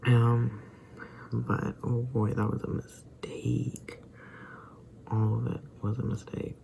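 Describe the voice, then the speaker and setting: A young adult daily vlogger, feeling sick and tired, rambles hesitantly and often drops into a whisper. The voice is medium-pitched, flat, slow and creaky yet warm. The recording is rough, with a little hiss or hum.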